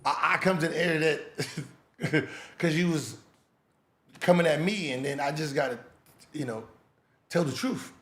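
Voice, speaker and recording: A man hosting a podcast, reacting to clips with mocking sarcasm, shouting and laughing. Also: on the high side, unhurried, pauses often, reverberant. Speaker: podcast host.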